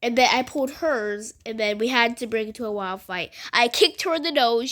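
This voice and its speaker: A woman telling a story in a casual, rambling way, full of fillers and animated retellings. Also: fairly high pitch, a little fast, hardly any pauses.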